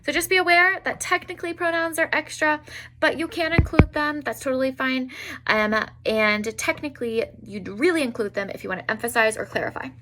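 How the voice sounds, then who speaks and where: A young woman teaching an online language lesson, spelling out examples slowly with frequent fillers. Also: high voice, heavy background noise. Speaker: Italian teacher.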